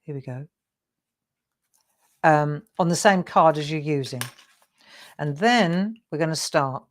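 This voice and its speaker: A woman's voice: deep voice, slow pace, slight background noise. A middle-aged woman hosting a live craft show, chatty, encouraging and self-deprecating as she demonstrates.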